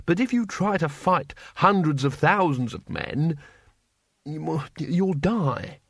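A man's voice: on the high side, expressive, takes it slowly, dry recording, clean studio sound, pitched above the performer's own voice, heavily acted. A man voicing a fussy, nervous male teacher who protests politely. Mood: protesting. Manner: prim, protesting.

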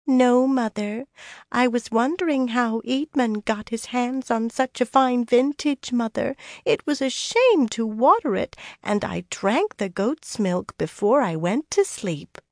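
Young royal woman, sugary mocking tone, slow and high, as the audiobook narrator puts her on. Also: darkish tone, dry recording, studio quality, lightly acted. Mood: mock sweetness. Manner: sickly sweet, drawn-out. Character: pregnant young queen, mocking sickly sweet.

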